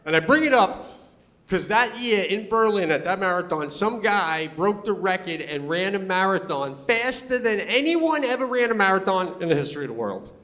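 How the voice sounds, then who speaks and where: High-voiced, bright stand-up comic man. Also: normal speed. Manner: animated, swings into loud put-on voices for quotes. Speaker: stand-up comedian. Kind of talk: stand-up comedy set. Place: on stage before a laughing audience.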